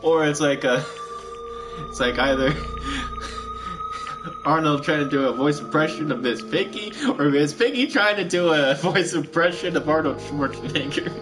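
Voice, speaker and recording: A man's voice: a little high, moderate pace. A young man doing casual live-stream commentary over a video game, laughing constantly between rambling, self-mocking asides. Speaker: let's play streamer. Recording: game music playing behind the voice. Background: game background music.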